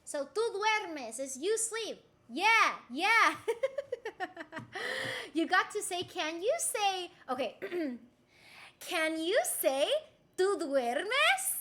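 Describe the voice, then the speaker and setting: Giving a playful mock Spanish lesson on a casual stream, this young native Spanish speaker giggles and repeats words slowly like a teacher. Her voice is very high and very animated, with a sharp tone.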